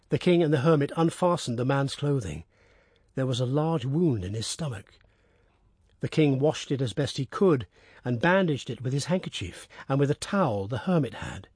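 Husky male storybook narrator. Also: a little high, darkish tone, no echo, studio quality.

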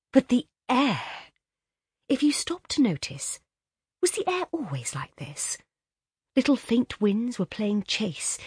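A woman narrating a classic short story in an expressive, lilting way. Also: mid-range voice, husky, dry recording, clean studio sound. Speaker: audiobook narrator. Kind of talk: scripted narration.

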